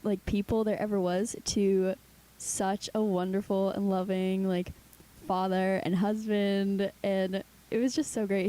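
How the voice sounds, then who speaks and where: A woman's voice: medium pitch, mellow. A young woman co-hosting a podcast in casual chat, saying "like" often and sounding tired. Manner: chatty, says "like" often, tired. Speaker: podcast co-host.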